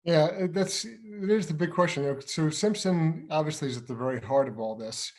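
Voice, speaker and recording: A man hosting an interview who once worked as an intelligence officer, explaining events in a measured way, step by step. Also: a little high. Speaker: show host and former intelligence officer. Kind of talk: conversational interview.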